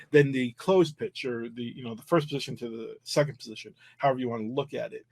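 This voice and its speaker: A man with a fairly high voice teaching flute on a livestream. He explains in a loose, easygoing way, stopping to restart his sentences and filling gaps with ums and uhs. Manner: relaxed explaining, many fillers and restarts. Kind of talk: livestream music lesson.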